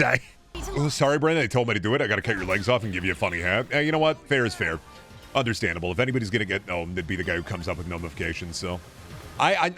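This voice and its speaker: A young man chatting away while he streams a game, cursing freely and tripping over his own restarts as he rambles. His pitch swings lively up and down through the talk. Faint music runs quietly behind him. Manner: rambling, profane, stammering restarts.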